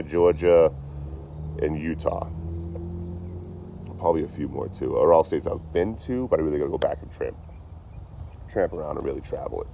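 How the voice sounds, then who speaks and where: A man's voice: sits low, vocal fry, warm tone, a little hiss or hum. A man from the Boston area, chatting casually on a livestream outdoors, rambling and swearing freely. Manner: rambling, profane, laid-back. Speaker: traveling livestreamer. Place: outdoors behind a store. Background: faint passing vehicles.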